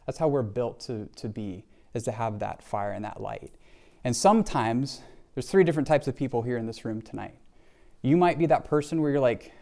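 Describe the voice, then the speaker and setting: A man's voice: mid-range voice, moderate pace, vocal fry, a little mellow. Middle-aged male leadership speaker, earnest, heartfelt live talk, addresses the crowd directly. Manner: earnest and heartfelt, with frequent "right?" asides. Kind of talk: live motivational talk to an audience. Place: event venue with a live and online audience.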